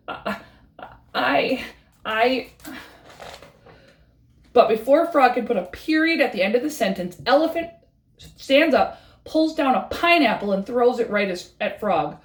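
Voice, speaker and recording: A woman reading a bedtime story aloud with a rhythmic, expressive delivery. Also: fairly high pitch, roomy sound.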